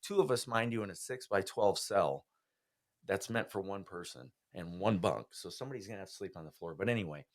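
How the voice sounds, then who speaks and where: Appearing as a podcast guest, a man with a strikingly deep, low voice shares his own story as a personal testimony. He speaks earnestly and from the heart, in an expressive, brisk way.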